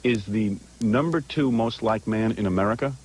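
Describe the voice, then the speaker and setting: A man hosting a radio talk show in casual, teasing, rapid-fire banter. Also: fairly low pitch, a little mellow, slight background noise, low-quality recording. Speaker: radio host.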